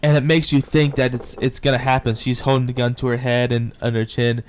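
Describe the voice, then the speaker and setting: A man talks through a film scene by scene in a loose, casual review. His voice is smooth and clean, his pitch sits in the middle, and he gets worked up and swears freely as he retells it. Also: a little fast. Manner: excitable retelling, swears often. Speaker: movie reviewer.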